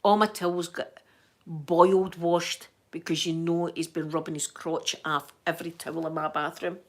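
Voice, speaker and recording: A woman's voice: lowish voice, moderate pace. Chatty Scottish woman telling a story. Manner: animated, chatty, colloquial storyteller. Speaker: channel host. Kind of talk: storytelling chat.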